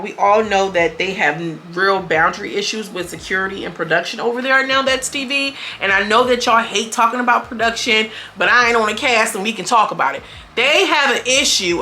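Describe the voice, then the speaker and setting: A young woman reviewing a reality TV episode in casual, blunt, profane commentary, switching between storytelling and quick quoted voices. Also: mid-range voice, pushed and bright, a little hiss or hum.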